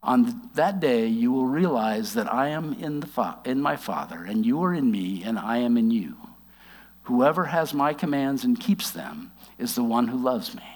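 A man giving a conversational sermon, reading scripture aloud and explaining it with wry asides, slowing down for emphasis. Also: mid-range voice, animated, darkish tone, big-room sound. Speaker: preacher.

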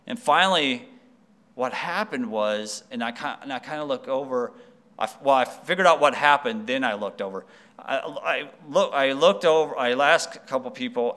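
A young man from Missouri tells a personal story in a sermon, circling back on himself with fillers and restarts. His voice sits at an ordinary middle pitch for a man. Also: clear, resonant tone. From Missouri, United States. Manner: rambling, animated storytelling with many fillers and restarts.

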